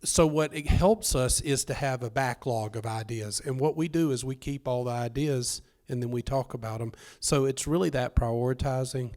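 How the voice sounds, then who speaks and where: Excitable joking man on a panel. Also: medium pitch, moderate pace, hardly any pauses. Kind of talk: casual panel talk.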